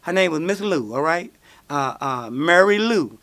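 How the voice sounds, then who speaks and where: Man, radio host, lively storyteller, bright voice, higher pitch. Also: measured pace. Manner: animated storyteller, acts out quoted voices. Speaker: radio show host answering listener questions. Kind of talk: storytelling call-in answers.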